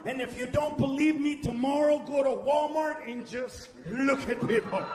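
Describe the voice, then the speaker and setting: A man doing a loud stand-up comedy set on stage, shouting his punchlines and slipping Spanish words into his English. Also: very high-pitched, moderate pace, few pauses, in a large hall, over a noisy crowd, heavy background noise. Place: comedy stage before a live audience.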